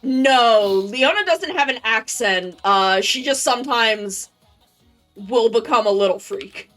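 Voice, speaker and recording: A woman's voice: a little high, lively intonation, slow, fairly bright tone, soft background music. A woman hosting a live stream, rambling through casual chat with lots of fillers. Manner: rambling, filler-heavy, upbeat. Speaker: streamer host.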